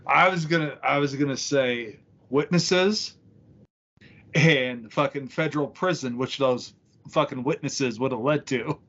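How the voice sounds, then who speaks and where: A man of middling pitch chatting on a comedy podcast, loose and profane as he tells a story. The recording sounds a little muffled and dull. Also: a little slow, fairly bright tone. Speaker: podcast co-host. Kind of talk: crude comedic podcast banter.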